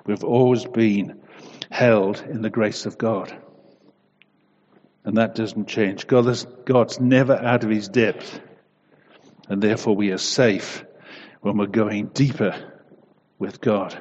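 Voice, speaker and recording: Male preacher, lower voice, gentle storytelling and prayer; echoey, muffled hall recording. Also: steady tone, takes it slowly, pauses often, a little hiss or hum. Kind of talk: devotional talk and prayer.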